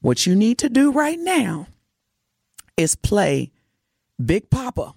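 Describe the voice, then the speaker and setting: Animated gravelly woman radio host. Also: fairly high pitch, slow pace, no room sound, clean studio sound. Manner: animated, teasing, emphatic. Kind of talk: casual morning radio chat. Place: radio studio. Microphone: studio microphone.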